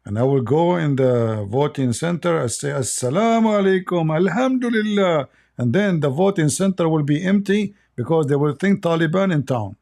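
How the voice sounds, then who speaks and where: Blunt gravelly man with an Arabic accent. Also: fairly high pitch, normal speed, hardly any pauses, warm tone. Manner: blunt, mocking, emphatic. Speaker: livestream host. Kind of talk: opinionated livestream commentary.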